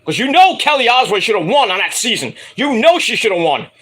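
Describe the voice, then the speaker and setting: A man rants through his wrestling review, rambling and cursing as he goes. His voice sits high and sounds bright and sharp. He swings wildly up and down in pitch as he talks. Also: big pitch swings, fast, breathy edge. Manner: profane, rambling, mocking voices in quotes. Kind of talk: casual ranting review.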